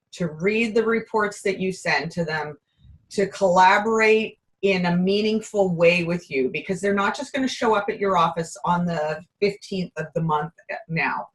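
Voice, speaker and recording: A woman guest in a casual interview, upbeat and chatty, her voice a little hoarse. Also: mid-range voice, a bit bright, low-quality recording. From Canada. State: slightly hoarse. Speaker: guest presenter, bookkeeper.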